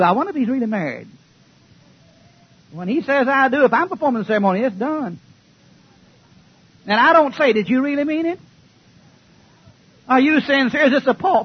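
An older man preaching a folksy, joking sermon, swinging between loud outbursts and low mutters. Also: slightly rough, lo-fi sound.

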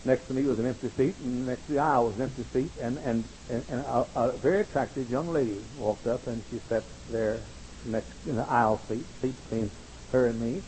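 On poor audio with slight background noise, a man gives a sermon to college students, his medium-pitched voice brisk and a little mellow. Emphatic repetition carries his points, and he slips into rambling, wry tales at his own expense.

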